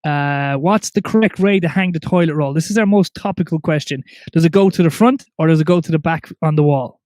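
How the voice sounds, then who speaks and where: Fast-talking podcast host. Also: male voice, fairly high pitch, a little mellow, no room sound, studio quality. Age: 30s. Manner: chatty storyteller with many restarts. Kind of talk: casual interview chat.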